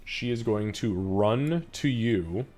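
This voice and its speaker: Swearing, animated man game master. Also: fairly low pitch, moderate pace, soft background music. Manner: animated and profane, swears freely. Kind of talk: narrating a tabletop game live.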